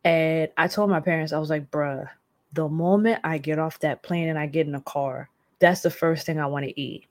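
A young woman vlogging, telling a story in a casual, dramatic and animated way with lots of slang. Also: sits low, normal speed, dry recording. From United States.

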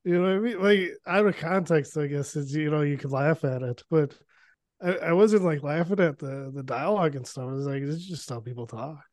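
Higher-voiced man, easygoing chat. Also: a little fast, a little mellow, dry recording, clean studio sound. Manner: easygoing, laughs between thoughts. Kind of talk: casual movie-discussion chat.

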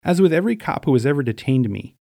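A middle-aged man from Staten Island, New York, narrating his memoir in a dry, wry, deadpan way. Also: medium pitch, quick pace, gravelly, no echo.

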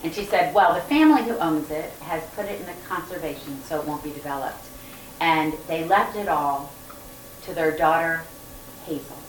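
A woman author with a Southern American accent, telling lively stories to a live audience and often laughing. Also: deep voice, moderate pace, a little hiss or hum. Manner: animated, laughing storyteller. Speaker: guest author. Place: event room with audience. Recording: roomy, distant mic with faint ambience.

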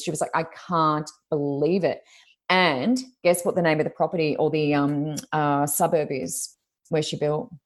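This Australian woman has a low voice and talks in a chatty storytelling way. She slips into the voices of the people she quotes. It sounds like a video call. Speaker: intuitive reader guest. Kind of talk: casual storytelling.

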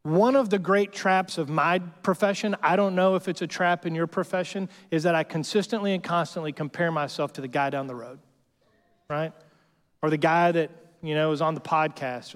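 A man's voice: a little high, fairly even intonation, normal speed. A male pastor preaching a sermon in a casual, joking way, often checking in with the congregation with "right?". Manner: conversational and joking, peppered with "right?". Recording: long hall reverb.

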